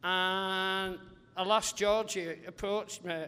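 A male comedian guest on a live podcast interview, telling rambling, animated anecdotes and acting out other people's voices. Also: high-pitched, slow pace, clear, resonant tone, in a large hall.

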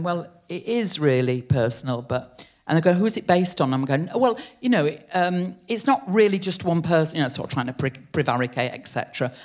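An older woman, a writer telling an animated story on stage, acting out the voices of the people in it. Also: low-pitched. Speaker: guest writer. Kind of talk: live on-stage interview storytelling. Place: theatre stage before a live audience.

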